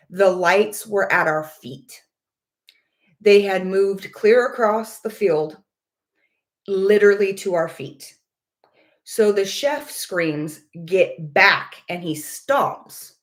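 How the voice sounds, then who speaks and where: Woman vlogging a story to her viewers, earnest, keeps repeating herself, mid-pitched voice. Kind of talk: casual personal storytelling to viewers.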